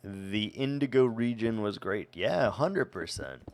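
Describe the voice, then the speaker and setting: Slow, rambling young male streamer. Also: medium pitch, animated, gravelly. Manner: rambling, chatty, stumbles and restarts. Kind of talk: casual gameplay chat.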